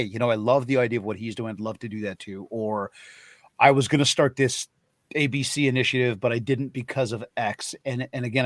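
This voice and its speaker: A man hosting a podcast interview over a video call, with a mid-pitched voice. He asks long, encouraging, winding questions, and the sound is dry and close. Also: no room sound. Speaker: podcast host.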